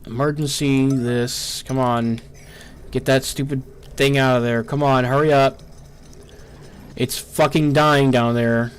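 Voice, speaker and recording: A man with a mid-range voice and a drawl narrates his game live into a desk microphone. He swears freely and repeats "no" in rapid streaks as his colony falls apart. His delivery swings between pleading and fed-up grumbling. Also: mid-range voice, steady tone, smooth. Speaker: gameplay streamer. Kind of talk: live gameplay commentary.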